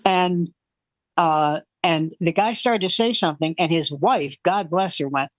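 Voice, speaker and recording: An older man in his seventies or beyond, a veteran comic, rattles off club stories in a casual, animated way. He slips into the voices of the people he quotes. The sound is dry and close. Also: on the high side, measured pace, no echo. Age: 70s or older. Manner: animated storyteller who acts out quoted voices. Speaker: veteran comedian guest. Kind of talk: casual anecdote telling.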